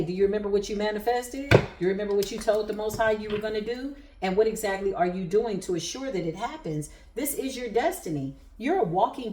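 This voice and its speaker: A woman's voice: medium pitch, mellow, roomy sound, slight background noise. A woman giving a spiritual tarot reading to viewers, speaking in an emphatic, preacher-like cadence. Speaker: tarot reader.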